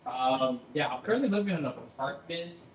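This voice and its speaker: A man's voice: on the high side, animated, moderate pace, a little hiss or hum. A young man doing a brash, profane stand-up set and working the crowd. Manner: brash, crowd work, swearing. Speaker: stand-up comedian. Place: basement comedy club. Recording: echoey club room.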